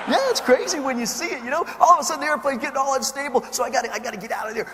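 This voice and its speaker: A male motivational speaker telling a story on stage in an animated, dramatic way. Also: very high voice, very fast, hardly any pauses, a crowd in the background. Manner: animated, dramatic, builds excitement. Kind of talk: keynote storytelling. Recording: long hall reverb, faint noise.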